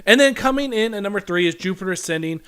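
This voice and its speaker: A man's voice: sits high, animated, fast, fairly bright tone, clean tone. A young man hosting a casual movie review vlog, talking bluntly and animatedly and swearing freely. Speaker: movie vlogger.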